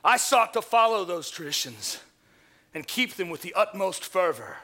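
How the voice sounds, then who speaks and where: A man playing fervent Saul, high and animated. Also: normal speed, exaggerated voice. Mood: solemn. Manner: fervent, theatrical storytelling with sudden swells. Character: Saul, a zealous man recounting his conversion. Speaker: actor. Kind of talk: dramatic monologue.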